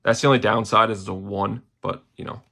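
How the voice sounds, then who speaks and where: A young man talks through his card game deck in a loose, rambling way, tossing in slangy asides. His voice sits a little low and has a gravelly edge. Its tone is bright and forward. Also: fairly even intonation, quick pace. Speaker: deck tech host.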